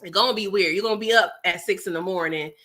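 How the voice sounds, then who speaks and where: Bright-voiced New woman chatting live. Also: medium pitch, fast. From New York City. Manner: chatty and animated, with frequent laughs and asides to the audience; snacking while talking. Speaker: livestream host reading viewer chat. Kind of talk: casual live-stream chat.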